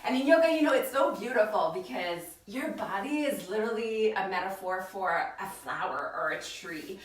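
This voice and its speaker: A woman teaching a live-streamed yoga class from her home studio, chatty and gentle, with many fillers. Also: medium pitch, lively intonation, normal speed. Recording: echoey room, voice from far off the mic.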